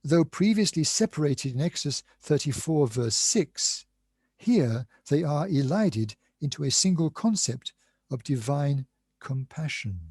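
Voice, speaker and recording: An older man lecturing on scripture in a measured, reading style, reciting Hebrew passages and sometimes losing his place. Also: fairly high pitch, lively intonation, a little mellow, slightly rough, dry recording.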